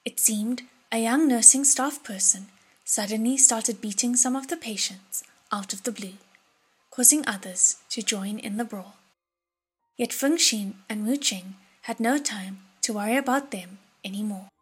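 Woman audiobook narrator, soft half-whispered delivery, very husky and slightly high. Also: a little slow, soft background music.

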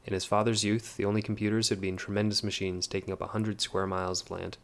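A man narrating an audiobook in a measured, even way. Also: fairly low pitch, gravelly.

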